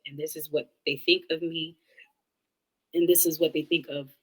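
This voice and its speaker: Earnest young woman, somewhat low voice. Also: little pitch movement, normal speed, poor audio. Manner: earnest, thoughtful, speaks in long run-on reflections with restarts. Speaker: interview guest, musician. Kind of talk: candid casual conversation.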